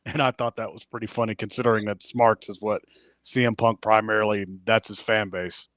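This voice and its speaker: A man's voice: on the low side, little pitch movement, fairly quick, a bit bright, dry recording. Man animatedly recapping wrestling. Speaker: wrestling podcast co-host. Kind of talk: casual chat.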